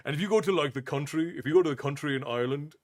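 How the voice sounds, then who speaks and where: A man's voice: on the high side, racing. A man hosting a livestream, chatting casually with viewers in a rambling way, full of restarts and chuckles. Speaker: livestream host.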